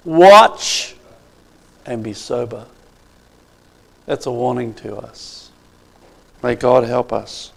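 A man's voice: mid-range voice, expressive, slow pace, vocal fry, long pauses. A man preaching a sermon with emphasis, asking the congregation questions.

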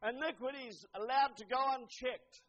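An older man preaching a sermon, earnest, dropping to a hush and then rising to emphatic lines. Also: very high voice, moderate pace. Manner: earnest, swings from hushed to emphatic. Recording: dull lo-fi recording.

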